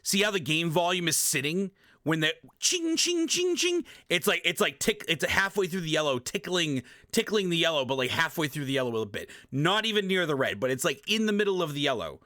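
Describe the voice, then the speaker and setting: Animated, ranting man at a gaming desk. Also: a little high, quick pace, no echo, studio quality. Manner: emphatic, repetitive, swears, animated sound effects. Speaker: streamer giving an audio tutorial. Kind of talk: casual ranting tutorial. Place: home gaming setup. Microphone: desk microphone, often turned away.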